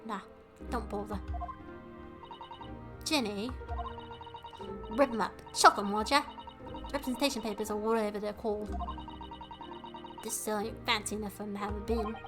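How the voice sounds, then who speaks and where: A woman voicing a gruff young female pickpocket in a put-on English accent, blunt and slangy. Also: medium pitch, steady tone, normal speed, long pauses, over music, close to an everyday voice. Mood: stubborn.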